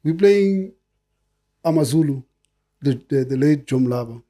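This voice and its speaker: Husky older South African man. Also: fairly high pitch, measured pace. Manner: animated, repeats words in bursts, keeps asking "you understand?". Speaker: former footballer, guest. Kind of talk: casual storytelling interview.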